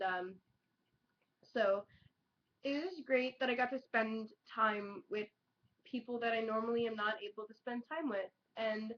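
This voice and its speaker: A young woman vlogging in casual chat, excitable and chatty, peppering her talk with "like" and swearing. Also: mid-range voice. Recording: dull lo-fi webcam audio.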